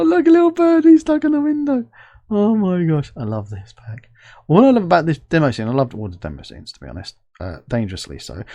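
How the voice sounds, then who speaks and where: A man hosting a casual screen-recorded software review, chatty and excitable, thinking aloud as he clicks through. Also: medium pitch, husky. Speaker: game asset reviewer.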